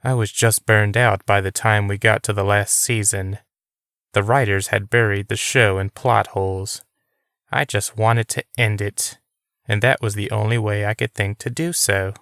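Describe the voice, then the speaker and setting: A man reading the part of a weary older woman, a former TV writer, with a quiet, confiding manner. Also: lowish voice, fairly even intonation, normal speed, clean tone, no echo, clean studio sound.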